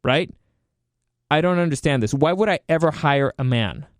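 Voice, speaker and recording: Male podcast host, heated profane commentary, slightly high pitch, dry close-mic sound. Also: expressive, normal speed, clear, resonant tone, no room sound. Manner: profane, heated, rhetorical questions. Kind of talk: solo commentary podcast rant.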